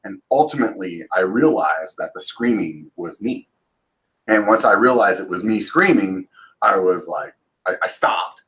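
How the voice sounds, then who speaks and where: Casting: man in his forties, lowish voice, casual rambling storyteller, curses a lot, raises his voice for quotes. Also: animated, normal speed, a bit bright, low-quality recording. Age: 40s. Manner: swears freely, rambling with fillers and restarts. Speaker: channel host.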